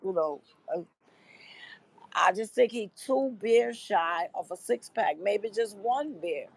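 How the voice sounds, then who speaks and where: A woman's voice: mid-range voice, expressive, slow, vocal fry, slightly rough, no echo, poor audio. A woman guest on a livestream, telling stories in a gossipy way with frequent laughter. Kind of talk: casual chat.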